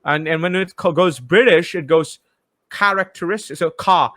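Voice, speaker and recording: Brief: young Bengali-speaking male host, casual chat, profane, lively, high voice, dry close sound. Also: moderate pace, no echo. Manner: animated, profane, mixes in imitated voices.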